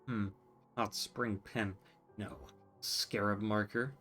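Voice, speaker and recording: A man's voice: lowish voice, fairly even intonation, slow, pushed and bright, faint music behind. A man streaming a game, musing to himself in casual commentary and reading on-screen text aloud.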